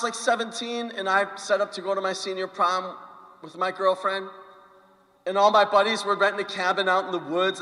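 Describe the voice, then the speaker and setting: A male priest giving a conversational homily, telling stories and asking the congregation questions. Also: sits high. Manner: animated storytelling with questions to the congregation. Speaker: pastor. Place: church. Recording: long church reverb.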